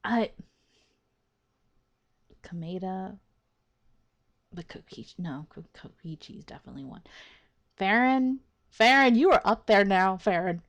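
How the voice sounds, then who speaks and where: A woman's voice: mid-range voice, lively intonation, measured pace, pauses often. A woman hosting a let's play of a visual novel, giving casual, exasperated commentary with frequent swearing and laughter.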